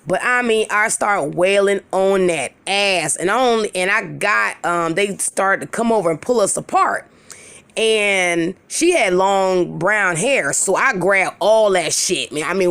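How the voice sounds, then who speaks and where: Gravelly, profane woman telling a story. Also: medium pitch. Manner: animated, profane, talks straight to viewers. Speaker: storytelling vlogger. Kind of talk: casual storytime.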